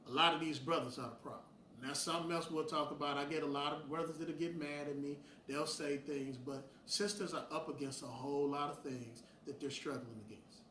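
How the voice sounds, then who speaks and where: A man's voice: a little high, fairly even intonation, fairly quick, few pauses, a bit bright, recorded from a distance. A blunt, preachy middle-aged man holds forth in a slightly raised voice. He sounds set back from the mic in a roomy, echoing space with faint ambient noise. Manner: blunt, preachy, heated bursts. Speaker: host. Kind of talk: opinionated direct-to-camera talk.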